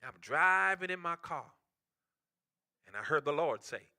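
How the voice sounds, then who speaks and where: A male pastor preaching a sermon with impassioned delivery, swinging between loud outcries and hushed near-whispers. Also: medium pitch, animated, slow pace, long pauses. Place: church.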